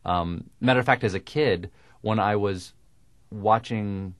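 Middle-aged man, dry crisp diction, low-ish voice, dead-dry studio sound. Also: unhurried, no room sound. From American South. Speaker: comedian guest. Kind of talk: radio interview conversation.

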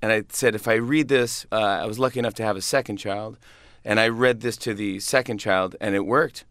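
Chatty comedian dad on a dry mic. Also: male voice, on the low side, a little fast, fairly bright tone, no room sound. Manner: chatty, laughing, with many restarts. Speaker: comedian guest. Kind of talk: casual interview conversation.

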